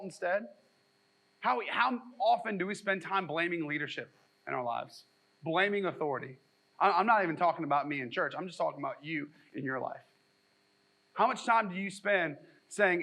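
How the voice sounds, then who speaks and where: High bright joking preacher man. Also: moderate pace, poor audio. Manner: joking, conversational, acts out quotes with mock voices. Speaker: pastor. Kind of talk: sermon. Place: church.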